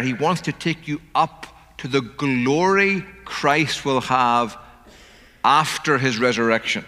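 Emphatic preacher in a reverberant church. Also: male voice, fairly high pitch, pushed and bright. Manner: emphatic, slows to stress key words. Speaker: pastor. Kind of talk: sermon. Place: church sanctuary. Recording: church hall with long reverb.

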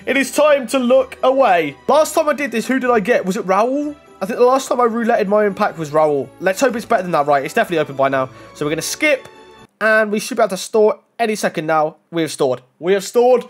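A young man giving casual pack-opening commentary, swinging from muttering to excited shouting. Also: high-pitched, fast talker, faint music behind. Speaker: gaming YouTuber. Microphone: desk microphone.

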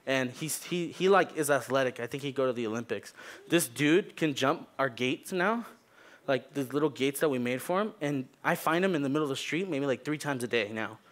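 A man's voice: mid-range voice, lively intonation, fairly quick. A young man preaching a sermon in a church, casual and joking, with many fillers. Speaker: youth preacher, pastor's kid. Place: church sanctuary.

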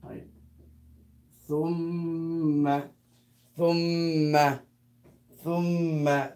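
A man teaching a beginner one-on-one in a casual lesson, patiently repeating words slowly. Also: fairly high pitch, dark tone. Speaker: Arabic teacher.

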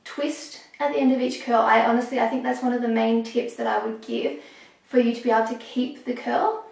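A young woman talking through a hair tutorial step by step, a little hoarse as she is losing her voice. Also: on the high side, fairly even intonation, darkish tone, recorded from a distance. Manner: chatty, explaining step by step with pauses. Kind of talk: casual how-to talk while working. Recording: echoey room, voice off-mic.

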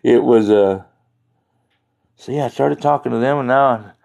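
A man's voice: medium pitch, a little slow, creaky, a little mellow. Rambling man on a livestream. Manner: folksy, joking, easily sidetracked. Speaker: livestream host. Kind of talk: rambling live-stream chat.

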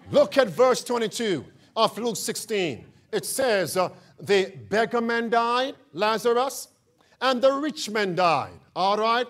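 A male pastor preaching a sermon, quizzing the congregation with call-and-response questions and rising to emphatic shouts on key points. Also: high voice, expressive, slow.

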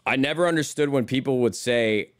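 A man's voice: mid-range voice, brisk. A young man streaming live, chatting casually with viewers in a rambling way, swearing freely and calling them brother.

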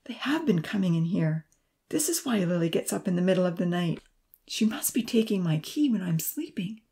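A woman's voice: on the low side, expressive, fairly quick, dark tone. A woman reading the lines of an earnest young female nurse in a storybook, speaking with heartfelt sincerity. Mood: thoughtful.

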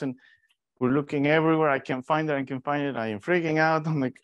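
A man from Mexico teaching an informal Bible study, telling stories in a lively, animated way with restarts. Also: fairly high pitch, fast talker, no room sound, dull audio.

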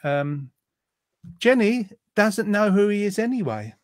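A man's voice: high voice, sing-song, a little slow, no echo. Male host, light-voiced, dry, rambling and jokey. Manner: jokey, rambling, lots of ums. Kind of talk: casual quiz chat reading viewer comments.

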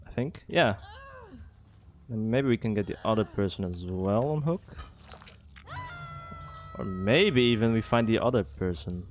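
A man giving casual live gameplay commentary as a streamer, excitable, swearing and laughing often. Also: fairly low pitch. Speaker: gaming streamer.

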